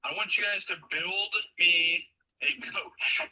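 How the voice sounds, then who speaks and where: A man's voice: sits high, takes it slowly, sharp tone, rough recording. A man leaving an easygoing voice note on his way to work, sometimes searching for words. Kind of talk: casual voice message.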